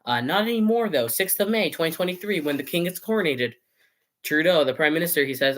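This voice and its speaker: A man's voice: on the high side, animated, fairly quick, a bit bright. A man giving his views in a casual vlog to camera. He rambles, argues with imagined viewers and changes his mind as he goes. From Canada. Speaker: vlogger. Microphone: camera mic, showing items on camera.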